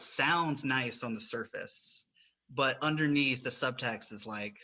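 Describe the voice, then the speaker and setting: Southern guy hosting a podcast, upbeat and chatty, middle pitch. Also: slow, muffled recording. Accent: Southern American. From North Carolina. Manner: upbeat, chatty, repeats words when excited. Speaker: podcast host. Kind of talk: casual podcast interview.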